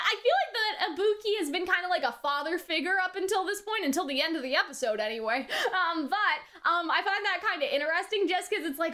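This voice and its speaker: A young woman with a very high, bright, ringing voice chats loosely through an anime episode review. She rambles and leans on fillers and tag questions as she goes. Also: fast, few pauses. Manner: chatty, rambling, full of "like" and "right?". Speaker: anime reaction youtuber. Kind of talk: casual review chat.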